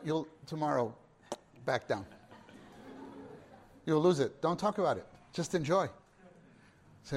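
A man preaching a sermon. He swings from hushed murmurs to loud exclamations, repeats his phrases and keeps asking his listeners questions. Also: medium pitch, animated, measured pace, pauses often, slightly rough.

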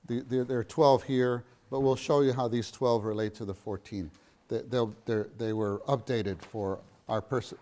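Earnest middle-aged man teaching a church lesson. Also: medium pitch. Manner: earnest, repeats phrases for emphasis. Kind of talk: church teaching talk to a gathering.

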